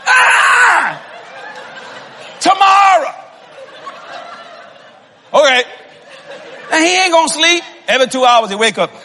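A man preaching a humorous sermon to a congregation, telling comic stories, laughing and often shouting. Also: very high voice, big pitch swings, slow pace, long pauses, big-room sound, a faint crowd. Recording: live audience laughter and room noise.

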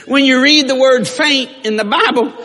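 Husky male preacher, high lively voice, bright tone, long church-hall reverb, animated and jokey. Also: moderate pace. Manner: animated, shouting in bursts, joking, acting out quotes.

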